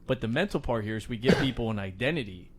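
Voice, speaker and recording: A man hosting a podcast interview, telling animated stories and acting out quotes. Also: medium pitch, quick pace. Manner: animated storyteller, acts out quotes loudly. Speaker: podcast host. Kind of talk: casual interview chat.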